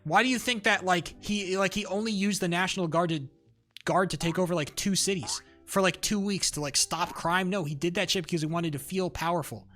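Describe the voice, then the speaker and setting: A young man talks on a livestream in a somewhat high voice, ranting with heat and swearing freely. He trips over restarts and fillers as he goes. Faint music plays behind him. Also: steady tone, fairly quick, fairly bright tone. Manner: rambling, heated, many fillers and restarts, swears. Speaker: streamer. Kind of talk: casual livestream rant.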